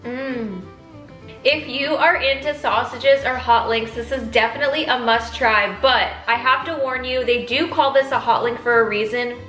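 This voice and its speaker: A young adult woman hosting a food review vlog, talking with enthusiasm and pausing to taste. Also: on the high side, fairly bright tone, reverberant, soft background music. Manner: enthusiastic, tasting food between lines. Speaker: food vlogger.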